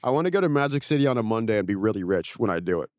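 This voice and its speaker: A young man in casual chat, telling rambling stories and slipping into quick impressions. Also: on the low side, big pitch swings, a little mellow, no room sound, studio quality.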